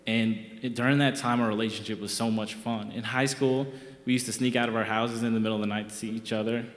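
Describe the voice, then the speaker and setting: A man's voice: on the low side, fairly even intonation, fast talker. A young man telling a comic true story from his own life on stage, in a wry, conversational, self-mocking way. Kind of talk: live comic personal storytelling. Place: theatre stage. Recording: roomy theatre reverb.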